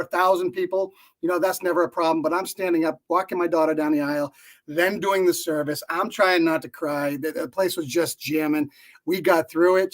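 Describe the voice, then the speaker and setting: A middle-aged man co-hosting a live podcast, friendly and chatty, with frequent fillers. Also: a little high. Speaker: podcast co-host. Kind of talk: casual live-stream chat.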